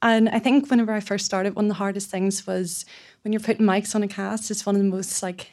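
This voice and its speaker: A woman's voice: mid-range voice, fairly even intonation, a little fast, darkish tone. Earnest woman asking a question. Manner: earnest, slightly hesitant. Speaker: audience member asking a question.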